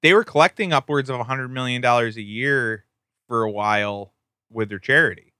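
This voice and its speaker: A man's voice: medium pitch, a little fast, sharp tone, no room sound, studio quality. A man casually chatting on a podcast, swearing and mocking as he explains. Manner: profane, mocking. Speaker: podcast co-host.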